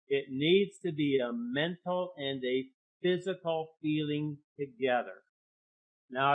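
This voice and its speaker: A man presenting a webinar lesson, calmly coaching listeners through guided breathing and stress-release steps. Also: mid-range voice. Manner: calm, coaching, drawn-out guided instructions. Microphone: video call. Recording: dull lo-fi webinar audio.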